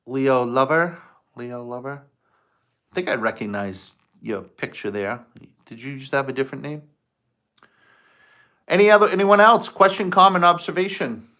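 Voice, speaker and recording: This man speaks at normal speed in a medium pitch, with a bright, forceful tone and long pauses. He's hosting a spiritual livestream, welcoming viewers and casually spinning a story in which he performs his own past quotes.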